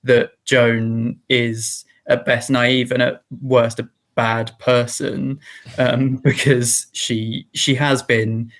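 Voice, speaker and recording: A man hosts a casual book discussion in a gravelly voice. He builds his points slowly, with restarts. His pitch stays flat.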